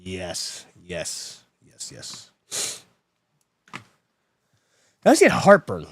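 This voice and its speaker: A man streaming live, chatting with viewers while venting his frustration as he troubleshoots his software. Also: low voice, wildly swooping pitch, extremely slow. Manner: frustrated, exasperated, swings between loud outbursts and muttering. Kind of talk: casual live-stream chat.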